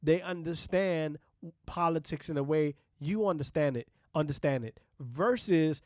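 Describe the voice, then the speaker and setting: A man's voice: a little high, a little slow, a little mellow, no echo, clean studio sound. A man hosting a solo podcast, talking bluntly and casually, with profanity and frequent "you know what I mean" asides. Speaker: podcast host.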